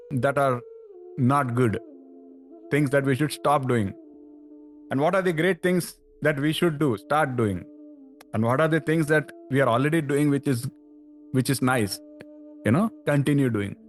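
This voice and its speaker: A man giving a casual spiritual talk to a study group, conversational, often restarting phrases and lifting his voice for emphasis. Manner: conversational, fillers and restarts, rises in pitch for emphasis. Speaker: spiritual teacher.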